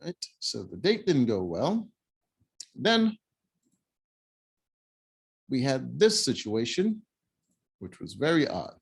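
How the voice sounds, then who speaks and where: A man's voice: medium pitch, wildly swooping pitch, slow pace, creaky, long pauses, husky. A man giving casual, opinionated commentary while reviewing a reality show, blunt and mocking.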